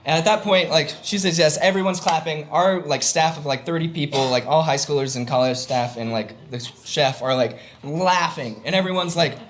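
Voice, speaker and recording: With slight background noise and few pauses, a young man talks at a normal speed in a somewhat high voice. Onstage before an audience, he relates a personal story, wandering off track, stuffing it with fillers, and joking at his own expense.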